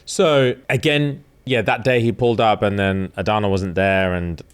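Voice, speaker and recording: A man's voice: lowish voice, fairly even intonation, moderate pace, clear, resonant tone. A man recapping a book on a podcast in casual slang, putting on the characters' lines as he tells it. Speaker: podcast co-host.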